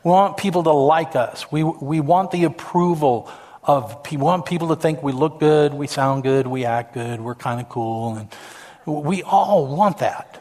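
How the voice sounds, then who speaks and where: Slightly high-voiced male pastor preaching. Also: unhurried, a little mellow. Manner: storytelling, emphatic, with repetitions. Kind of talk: sermon. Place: church stage.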